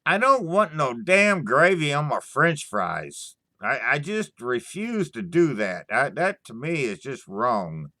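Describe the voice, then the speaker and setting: A man hosting a livestream, chatting casually with viewers in a halting, stammering way, swearing often and sighing between thoughts. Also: mid-range voice, very animated, pushed and bright, no room sound, clean studio sound. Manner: slow, sighing storytelling. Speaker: livestream host answering chat. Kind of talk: casual rambling chat.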